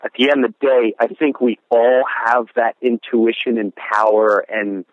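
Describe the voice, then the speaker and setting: A man's voice: medium pitch, level tone, moderate pace, no echo. A middle-aged man, a comedian guest, telling a story in an interview, sincere and reflective, slipping into voices for the people he quotes. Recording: dry tinny phone-like line.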